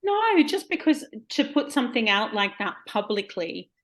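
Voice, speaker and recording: A woman's voice: on the high side, big pitch swings, moderate pace, a bit bright. A woman guest on a podcast, a poet who chats bashfully and laughs often. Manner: giggly, bashful. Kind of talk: casual interview chat.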